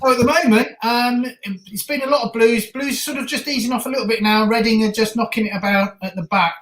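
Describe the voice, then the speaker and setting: A woman co-hosting a live stream, reacting enthusiastically to a football match and shouting at big moments. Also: fairly high pitch, steady tone, fairly quick, echoey room. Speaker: stream co-host.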